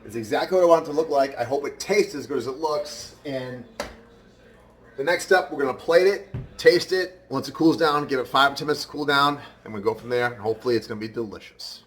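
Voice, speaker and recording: A man's voice: mid-range voice, fairly quick, fairly bright tone, roomy sound. A man hosting a casual home cooking show, chatting straight to his viewers.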